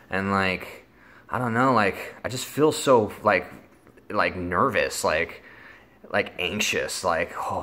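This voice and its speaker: A man's voice: fairly low pitch, pushed and bright. A young man casually telling a rambling story, full of filler words and swearing. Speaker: vlogger.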